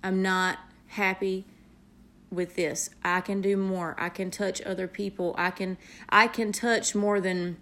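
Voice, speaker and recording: Southern woman, young, earnest heartfelt vlog talk, slow and deliberate delivery. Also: mid-range voice, level tone, a bit bright. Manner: earnest, heartfelt, with pauses and fillers. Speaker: nurse vlogger. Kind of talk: motivational vlog.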